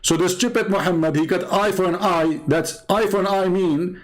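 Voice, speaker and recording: A man's voice: sits high, fairly even intonation, normal speed. A man hosting polemical commentary, talking in a mocking, sarcastic way and laughing at his own jokes. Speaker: host.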